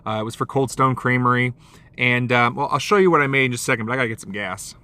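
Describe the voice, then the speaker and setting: With a little hiss or hum on the recording, a man rattles through a casual car vlog in a fast, pushed, bright voice. He recounts delivery shifts as a chatty storyteller, voicing the people he met with big jumps in pitch.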